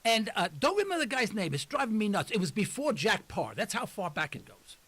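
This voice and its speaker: A man's voice: high voice, very animated, a little fast, fairly bright tone, slightly rough. A man in his sixties hosting a talk radio show from the studio, speaking in a rambling, emphatic monologue. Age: 60s.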